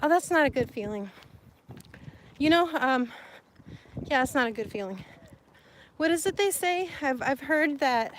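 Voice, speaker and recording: A chatty woman from Sonora talks straight to her viewers in a loose live-stream chat. Her voice sits a little high, she laughs easily and gets loud and lively. A faint hiss of noise sits under her voice. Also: measured pace, long pauses, low-quality recording. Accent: Sonoran Spanish influence. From Mexico (Sonora). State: hot and sweating.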